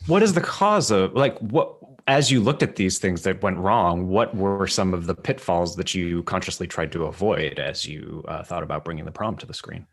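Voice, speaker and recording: A man's voice: sits low, normal speed, hardly any pauses, husky. A man hosting a podcast, asking long, searching questions of his guest. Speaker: podcast host, theater editor. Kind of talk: interviewing.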